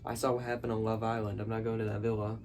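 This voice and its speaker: A man voicing an excitable, sulky teenage girl while retelling a film in his room. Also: fairly low pitch, fast talker, far from the mic, faint music behind, close to an everyday voice. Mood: huffy.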